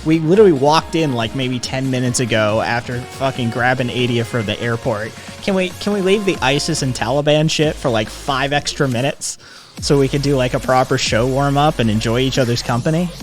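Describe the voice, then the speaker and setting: Male streamer host, casual and foul-mouthed, average pitch, music low in the background. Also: animated, brisk. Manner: rambling and heavily profane. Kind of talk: casual live-stream chat.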